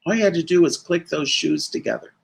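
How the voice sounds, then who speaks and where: A man voicing a kind, motherly good witch in a retold storybook tale, calm and firm. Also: on the high side, a little fast, creaky, slight background noise.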